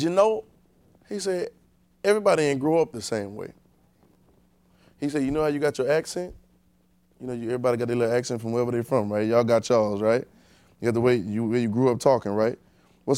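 Man preaching a loose, conversational sermon. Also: dry recording. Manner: informal, talks directly to the congregation, swings between low and loud emphasis.

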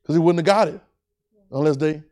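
A man's voice: a little high, a little fast, a little mellow. Dynamic call-and-response preacher man. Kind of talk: sermon.

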